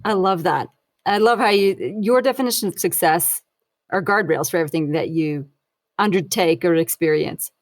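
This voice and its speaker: A woman's voice: on the low side, moderate pace, no echo, studio quality. A woman hosting a podcast, reacting briefly and reflecting on her guest's story. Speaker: podcast host. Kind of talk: interview chat.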